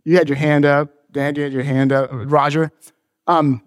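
A man's voice: fairly high pitch, flat delivery, normal speed, no room sound, studio quality, big-room sound. A pastor in his forties, preaching a sermon in a church, mixing joking teases with earnest preaching. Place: church sanctuary.

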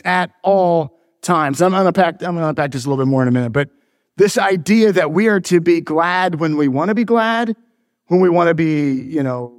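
A man's voice: fairly high pitch, no room sound, clean studio sound, big-room sound. A pastor in his forties, preaching a sermon in a church, mixing joking teases with earnest preaching. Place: church sanctuary.

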